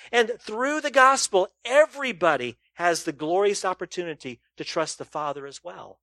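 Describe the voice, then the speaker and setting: In studio-quality audio free of room sound, a male pastor addresses his congregation in a sermon. He asks rhetorical questions and alternates between loud emphasis and hushed, low asides.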